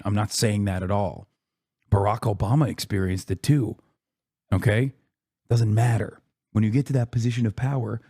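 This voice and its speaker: A man's voice: mid-range voice, mellow, breathy edge, dry recording, clean studio sound. A man in his thirties streaming from home, ranting at his chat in a profane, exasperated way and whisper-screaming to keep from waking a neighbor. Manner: profane, exasperated, talks straight to chat with repeated "okay?". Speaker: streamer reacting to a speech. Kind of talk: heated live-stream rant to chat.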